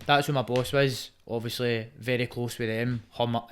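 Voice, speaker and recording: A man's voice: mid-range voice, steady tone, normal speed, clean tone. Young scottish man, mate every sentence. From Scotland. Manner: says mate constantly, swears heavily, emphatic. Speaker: guest, Muay Thai fighter. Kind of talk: casual podcast chat.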